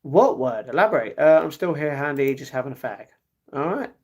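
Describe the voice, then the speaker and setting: A man's voice: on the high side, big pitch swings, fairly quick, darkish tone. A young man hosting a casual livestream, chatting loosely and replying to viewers' comments one after another. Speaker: livestream host reading chat.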